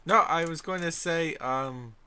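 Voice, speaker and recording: A male stream host who teases his guest and trips over hesitant fillers in a casual chat. His voice is bright and clear, with a faint hiss of noise behind it. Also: fairly high pitch, a little slow. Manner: teasing, often hesitant with fillers.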